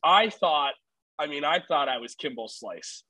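A man's voice: a little high, animated, measured pace, sharp tone, dry recording, rough recording. A man in his twenties, a podcast co-host, telling a rambling story in casual chat and laughing along the way.

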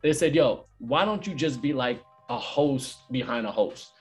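Animated man telling stories, slangy. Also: medium pitch, faint music behind. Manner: animated storyteller, fast slangy talk. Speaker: event host and comedian. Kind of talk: casual podcast chat.

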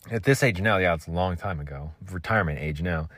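A man's voice: deep voice, fairly bright tone, husky. A man in his thirties hosting a solo podcast, telling a rambling, self-mocking story with casual swearing. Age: 30s. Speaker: podcast host.

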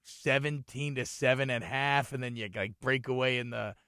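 Guy co-hosting a football podcast, dry mic, gets loud and excited. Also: medium pitch, moderate pace, clean tone, no room sound. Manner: animated, rising to excited shouting. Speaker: podcast co-host. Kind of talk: casual sports talk.

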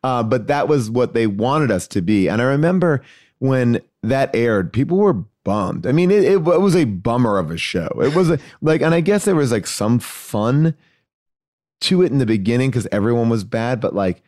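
A man telling a story as a podcast guest, animated and rambling, acting out voices as he goes. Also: mid-range voice, moderate pace, dry recording, studio quality. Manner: animated, acts out voices in his anecdotes; loose and rambling, many fillers and restarts. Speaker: podcast guest, actor and comedian. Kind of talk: casual storytelling chat.

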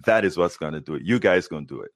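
A man's voice: deep voice, expressive, rapid-fire, dry recording, studio quality. A man, a guest on a show, talking politics emphatically and stopping to restart his sentences. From United States. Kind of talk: conversational political discussion.

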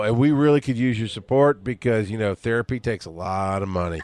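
A man's voice: medium pitch, normal speed, hardly any pauses, clear, resonant tone, dry recording. A man co-hosting a podcast in casual chat, joking and teasing, now and then slipping into put-on voices. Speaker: podcast co-host.

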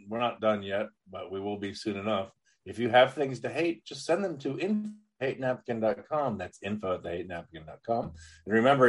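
A man hosting a comedy podcast, joking crudely and bantering loosely. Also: medium pitch. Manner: animated and joking, with a lively, swinging delivery. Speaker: podcast host.

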